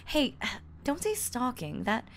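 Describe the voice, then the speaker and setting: A young woman playing an obsessive girl who has kidnapped her crush, giggling, teasing and dropping into soft whispers, in an audio role-play. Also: a little high, wildly swooping pitch, slow pace, vocal fry, a little hiss or hum, heavily acted. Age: young adult. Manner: breaks off to fix her own lines. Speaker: voice actress.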